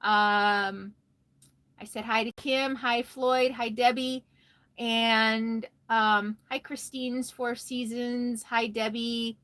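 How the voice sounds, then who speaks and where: Holding her phone close, a weary woman hosts a relaxed RV livestream, chatting, calling out viewers by name, and laughing often. She speaks slowly in a flat, fairly bright, slightly high voice, with no echo.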